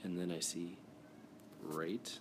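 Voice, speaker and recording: Low-voiced man teaching a spelling lesson. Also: fairly even intonation, slow, noisy background. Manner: encouraging, explains step by step. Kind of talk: classroom screencast lesson. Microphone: device mic for screen recording.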